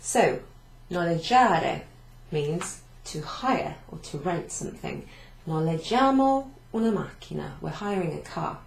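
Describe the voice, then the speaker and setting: This British woman's voice sits low and sounds gravelly, and she speaks slowly but expressively. She's leading a beginners' language lesson at the whiteboard, using fillers as she explains things one step at a time. The classroom echoes, and there's slight background noise.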